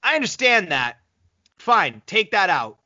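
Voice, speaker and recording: A man's voice: high voice, measured pace, no echo, dull audio. A man co-hosting a podcast in casual chat, telling stories animatedly and slipping into voices. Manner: animated storyteller, slips into voices. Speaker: podcast co-host.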